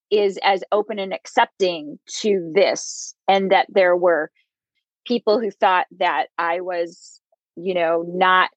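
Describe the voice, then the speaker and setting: A woman in her fifties, a psychic medium, telling her own life story as an interview guest, candid and quick to laugh. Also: lowish voice, no echo. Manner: candid, laughs often while telling stories. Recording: dull, dry lo-fi recording.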